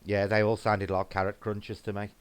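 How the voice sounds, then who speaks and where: Chatty Black Country man, low voice. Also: completely flat delivery, a little fast, clean tone. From English Midlands. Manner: chatty and rambling, frequent restarts. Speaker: co-host of a paranormal livestream. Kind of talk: casual chat, reading viewer comments aloud.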